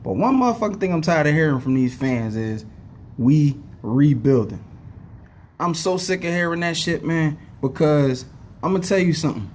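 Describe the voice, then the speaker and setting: Man, young, profane heated rant, headache, fairly high voice, faint background hum. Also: animated, fairly quick. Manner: profane, heated, repeats "know what I'm saying". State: has a headache. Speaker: sports fan vlogger. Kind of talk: casual rant to camera.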